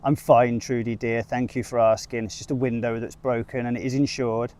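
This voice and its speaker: A man's voice: mid-range voice, little pitch movement, moderate pace, a little mellow, lightly acted. A man doing a flirty village shop lady. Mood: fussing. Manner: fussing, flirtatious. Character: fussy, flirtatious village shopkeeper woman.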